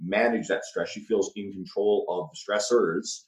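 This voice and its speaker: A man hosting a podcast, asking measured questions and steering the talk. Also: on the low side, roomy sound, rough recording. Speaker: podcast host. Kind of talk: casual podcast interview.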